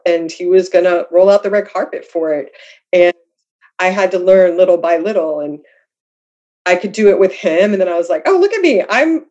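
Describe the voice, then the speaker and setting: A woman's voice: medium pitch, mellow. A woman speaking as a guest author, telling her own story candidly and reflectively, with self-deprecating humor. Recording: slightly dull lo-fi audio.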